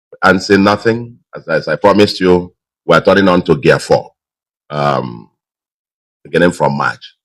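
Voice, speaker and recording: A middle-aged man with a Nigerian accent giving an emphatic, measured victory speech as governor, with frequent fillers. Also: deep voice, fairly bright tone, dry recording, rough recording. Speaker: state governor.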